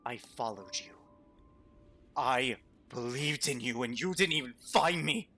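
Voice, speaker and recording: A man voicing a bitter, angry young brother who accuses his sibling, shouting. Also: mid-range voice, measured pace, gravelly, faint music behind, full character voice.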